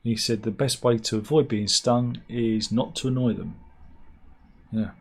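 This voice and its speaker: A man hosting a satirical news vlog, reading out stories with wry, deadpan asides and mock outrage. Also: medium pitch, measured pace. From United Kingdom. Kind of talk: offhand comic news chat.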